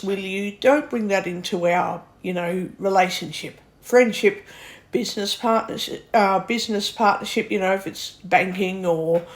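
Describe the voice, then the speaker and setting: A woman, ranting bluntly to camera in a vlog, swearing often and sounding exasperated. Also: medium pitch. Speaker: vlogger.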